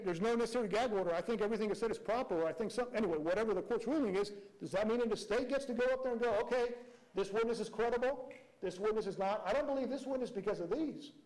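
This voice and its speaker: High-voiced prosecutor arguing in court. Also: male voice, a little mellow, low-quality recording. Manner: emphatic, rhetorical questions. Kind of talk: courtroom argument.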